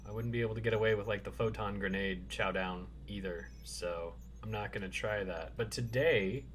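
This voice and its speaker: A man hosts a laid-back podcast conversation, his voice sitting a little low. He laughs easily and explains things patiently, step by step. A faint ambient hiss sits under the recording. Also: normal speed. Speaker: podcast host. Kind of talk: casual chat.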